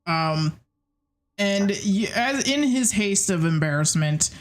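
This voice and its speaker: A woman's voice: mid-range voice, animated, slow pace. A woman narrating a tabletop game as game master, casual and hesitant with many fillers.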